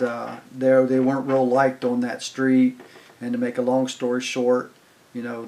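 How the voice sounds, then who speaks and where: An older man casually telling a long anecdote in a rambling, conversational way, full of fillers and "I was like". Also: mid-range voice. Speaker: channel host telling stories. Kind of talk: casual storytelling.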